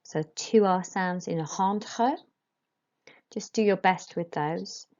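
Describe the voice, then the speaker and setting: A woman teaching a school French lesson, modelling each phrase slowly and carefully for pupils to repeat. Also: fairly low pitch, darkish tone, highs cut off. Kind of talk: recorded classroom lesson.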